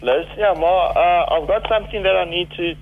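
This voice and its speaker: A man's voice: sits high, moderate pace. Hesitant man on a noisy, muffled phone. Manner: hesitant, casual, lots of fillers. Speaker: caller, son. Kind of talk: prank phone call. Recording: dull phone line with clear background noise.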